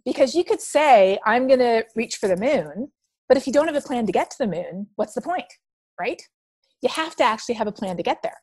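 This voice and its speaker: A middle-aged woman from Canada, a podcast guest telling stories in a lively conversational way. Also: a little high, quick pace, slightly rough, no room sound. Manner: animated storyteller acting out quoted dialogue.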